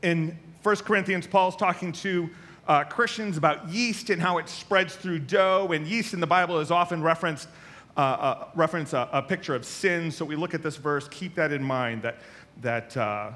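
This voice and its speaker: A man preaching a sermon as a pastor, telling stories with lively acted-out voices. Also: a little high, normal speed. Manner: animated storytelling, acts out voices.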